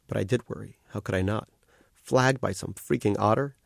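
A man reading aloud from his own novel, wry and deadpan, close to the mic. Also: on the low side, moderate pace, gravelly, no echo. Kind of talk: literary reading.

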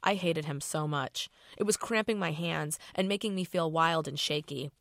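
A woman's voice: low-pitched, normal speed, vocal fry, a bit bright, no room sound, clean studio sound. A middle-aged woman author reading her novel aloud in a casual, profane first-person voice.

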